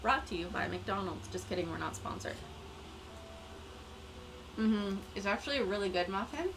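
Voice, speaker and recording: A woman's voice: mid-range voice, expressive, normal speed, pauses often, fairly bright tone, a little hiss or hum, poor audio. A woman hosting a casual live stream, chatting in a rambling, self-deprecating way.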